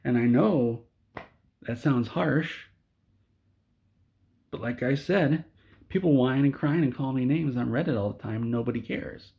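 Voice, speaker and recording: A man with a husky, slightly breathy voice rants in mock exasperation, tripping over and repeating his words. His pitch sits at an ordinary middle. The audio is a bit dull and lo-fi. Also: measured pace, long pauses, mellow. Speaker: video creator. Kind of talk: angry comedic movie rant.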